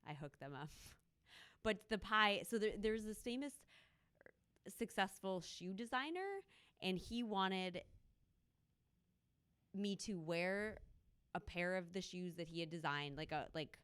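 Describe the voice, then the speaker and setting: A woman's voice: medium pitch, lively intonation, unhurried, long pauses, fairly bright tone, clear, resonant tone. A woman co-hosting a podcast, chatting casually and laughing often as she rambles through anecdotes. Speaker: podcast co-host. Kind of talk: casual chat. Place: live show in a loft venue.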